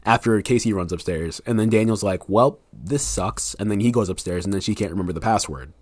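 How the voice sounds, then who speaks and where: A man's voice: on the low side, quick pace, dry recording. A young man, an author guest on a podcast, chatting casually and acting out scenes from his own book. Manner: animated storyteller, acts out scenes with quoted voices.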